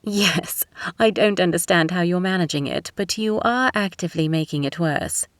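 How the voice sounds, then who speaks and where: A woman voicing a refined, composed young woman with a crisp British accent, in an audiobook romance. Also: on the low side, moderate pace, dry recording, clean studio sound, lightly acted. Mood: politely firm. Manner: crisp, politely insistent.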